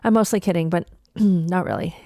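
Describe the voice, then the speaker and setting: A woman from Toronto, a comedian telling a story on her podcast in an animated, indignant and profane way. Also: fairly low pitch, normal speed, dry recording, clean studio sound. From Toronto, Canada. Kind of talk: storytelling monologue.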